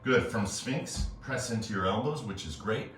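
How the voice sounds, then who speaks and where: A man teaching a yoga class, calmly cueing breaths and movements with casual asides. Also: lowish voice, moderate pace, recorded from a distance, slight background noise. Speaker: yoga instructor. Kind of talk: guided yoga class instruction. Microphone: earbuds. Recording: very echoey room, voice off-mic.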